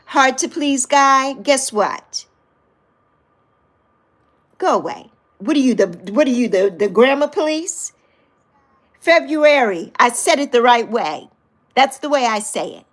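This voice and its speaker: Lively, teasing woman in her sixties. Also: high-pitched, a little slow. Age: 60s. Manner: playful, teasing, laughs often; reads and answers live chat comments. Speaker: livestream host. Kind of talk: casual livestream chat with viewers.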